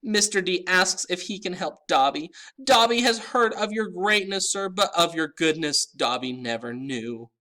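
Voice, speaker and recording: A man reading a storybook aloud and voicing a small, tearful, groveling male house elf in a high-pitched, excitable way. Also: a little slow, heavily acted. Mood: reverent. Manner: earnest, excitable, wailing.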